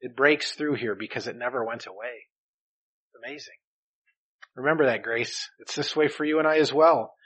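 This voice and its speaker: A man preaching a sermon earnestly, rising in volume on key phrases and dropping softly at the ends of lines. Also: mid-range voice, moderate pace, husky, poor audio. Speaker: pastor.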